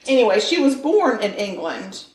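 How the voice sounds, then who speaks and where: A woman's voice: on the high side, very animated, normal speed. A woman in her fifties co-hosting a podcast, telling a true-crime story with playful, joking banter. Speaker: podcast co-host. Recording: echoey room with faint noise.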